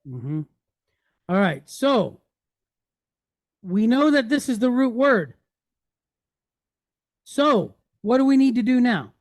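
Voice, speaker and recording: This woman, with a fairly high and slightly mellow voice, leads a Hebrew reading class, calmly going through every letter and vowel point. She keeps asking "right?" to check on her students. The recording has no room sound.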